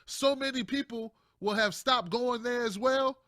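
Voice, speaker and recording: A man's voice: very high-pitched, a little slow, bright, forceful tone, no room sound, clean studio sound. A man hosting casual political commentary, talking in a slangy, repetitive, chatty way with frequent laughs.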